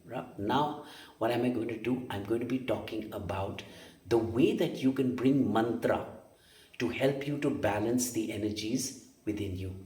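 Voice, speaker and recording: In a medium-pitched, somewhat dark voice at a moderate pace, a man teaches meditation and energy healing aloud. He repeats phrases emphatically and leans on rhetorical questions, and the recording sounds roomy and distant.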